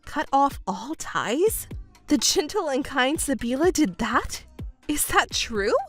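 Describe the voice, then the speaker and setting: A young woman voicing a calm stepdaughter who speaks in a measured, coldly reproachful way, in a texting story. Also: sits high, soft background music, full character voice. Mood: puzzled. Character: cool-headed young stepdaughter, calm and cutting.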